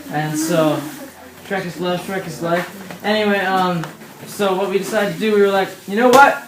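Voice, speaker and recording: A man's voice: high-pitched, steady tone, moderate pace. A young man in his late teens telling a rambling, jokey tall tale in a camp cabin, full of fillers. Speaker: storyteller. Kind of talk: rambling comic storytime. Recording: echoey room with background noise.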